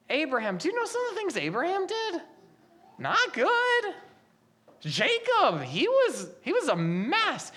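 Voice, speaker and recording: Young woman, pastor, sermon, lively pitch swings, rhetorical questions. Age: young adult.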